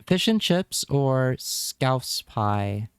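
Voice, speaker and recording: A man's voice: mid-range voice, sing-song, drawn-out words, clear, resonant tone, dry recording, studio quality. A man streaming live, chatting casually with his viewers and reacting with wry remarks and repeated words.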